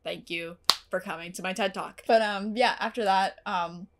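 A woman's voice: mid-range voice, steady tone, moderate pace. A young woman casually reviewing a TV episode. She gushes, swears freely and fills her talk with "like". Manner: gushing and emotional, swears, many "like" fillers.

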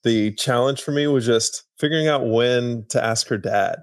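A man guest on a podcast, telling his story in a relaxed, matter-of-fact way. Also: medium pitch, normal speed, no room sound, clean studio sound. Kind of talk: casual interview storytelling.

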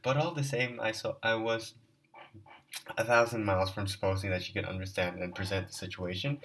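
A man's voice: lowish voice, steady tone, brisk, fairly bright tone, distant mic, rough recording. A man voicing a haughty, pompous middle-aged suitor who gets stiff and indignant and stammers when flustered.

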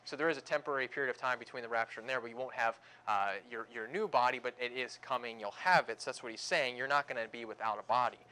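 Bright-voiced young man preaching casually. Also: medium pitch, quick pace, hardly any pauses, clean tone. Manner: conversational, joking asides, acts out groans. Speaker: pastor. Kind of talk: sermon.

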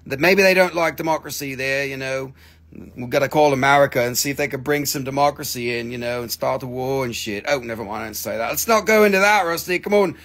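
A man's voice: mid-range voice, fairly even intonation, quick pace, a bit bright. A man hosting a live gem sale show, chatty and joking, swearing casually, with phrasing. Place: gem shop studio.

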